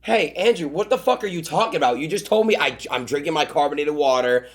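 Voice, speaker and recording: Flustered fast-talking young man. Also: a little high, animated, slight background noise. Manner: flustered, stammering, defensive. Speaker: streamer host. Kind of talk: casual stream chat.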